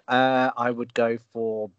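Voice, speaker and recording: A man's voice: mid-range voice, dry recording, lo-fi sound. A man taking part as a contestant on a casual podcast quiz, chuckling and reacting with easy surprise. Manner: chuckling, easily impressed. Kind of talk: casual chat.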